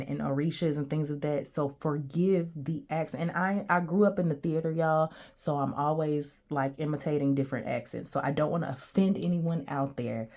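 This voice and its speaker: A woman with a notably low, darkish voice gives a tarot reading in a loose, chatty manner. She drifts into tangents and speaks straight to her viewers along the way.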